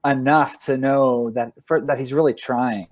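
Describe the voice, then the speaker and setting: A man talking as a guest on a podcast, telling family stories in easy, animated conversation. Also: medium pitch, a little slow. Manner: storytelling, animated when quoting his kids. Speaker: podcast guest, author and father. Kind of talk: casual conversation.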